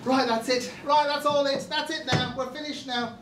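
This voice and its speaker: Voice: high-pitched, fairly even intonation, normal speed, over music, close to an everyday voice. A stage performer playing a chatty, fussy theatre box-office attendant who stammers through false starts, in a live sketch. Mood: flustered. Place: village hall stage. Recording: echoey hall miked from far, audience noise.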